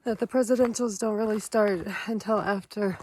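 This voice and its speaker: A woman's voice: mid-range voice, fairly even intonation, normal speed, darkish tone, slight background noise. A woman hiker talking casually to her camera outdoors on a rocky trail, chatty and plainspoken, sighing between thoughts. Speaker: long-distance hiker vlogger. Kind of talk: casual vlog talk to camera.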